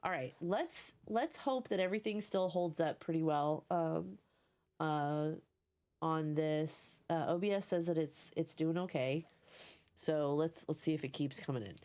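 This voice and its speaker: A woman streaming a game live. She is sleepy and excitable, swears freely and cheers her character on. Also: low voice, a little slow. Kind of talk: casual live gameplay commentary.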